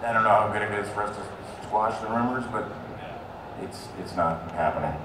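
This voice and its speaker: A lower-voiced man answers questions on a convention panel, matter-of-fact and a little halting. He sounds far off in a roomy hall, with a steady buzz of noise around him.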